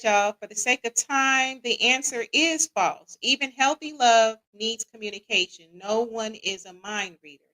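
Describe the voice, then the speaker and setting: A woman's voice: fairly high pitch, a bit bright, poor audio. A woman hosting a live podcast in casual chat, reading listener comments aloud and quizzing them. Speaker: podcast host.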